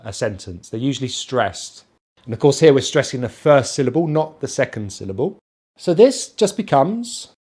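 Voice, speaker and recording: Lively British man teaching pronunciation. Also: medium pitch. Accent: British, non-rhotic. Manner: slow, exaggerated drilling of sounds. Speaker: English teacher. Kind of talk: pronunciation lesson.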